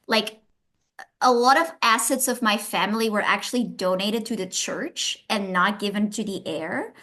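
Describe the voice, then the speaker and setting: A woman's voice: fairly high pitch, a bit bright. A woman player in a tabletop game, laying out her plan in a rambling way with many fillers. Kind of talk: planning out loud in a tabletop game.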